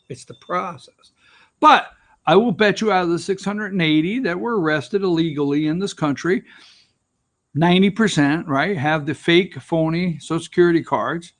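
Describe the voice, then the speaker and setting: A man's voice: sits high, fairly bright tone. A man hosting an opinion talk show, ranting with sarcastic, rambling asides.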